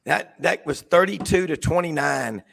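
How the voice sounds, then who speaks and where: Gravelly-voiced man losing his voice. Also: on the high side, moderate pace, over a noisy crowd. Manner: excitable, rambling. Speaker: sports radio host. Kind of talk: casual sports talk. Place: coffee shop.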